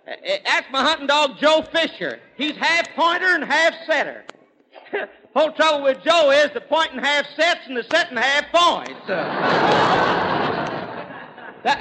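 A man with a sharp, high voice, rattling off folksy hunting gags and chuckling at his own punchlines. He stumbles into his sentences with quick restarts. The sound carries a long hall echo over faint hiss. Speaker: stage comedian. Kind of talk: rapid-fire rural stand-up gags. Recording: echoey hall with faint noise.

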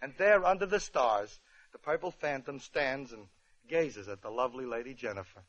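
A man hosting a radio show, telling a comic story with wry, deadpan asides. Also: medium pitch, moderate pace. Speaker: comedian host. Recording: muffled old radio broadcast with band music.

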